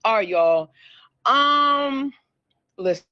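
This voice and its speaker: A woman hosting a casual entertainment news show, chatty and animated, repeating words for emphasis. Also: a little high, extremely slow, no room sound, lo-fi sound. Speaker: show host.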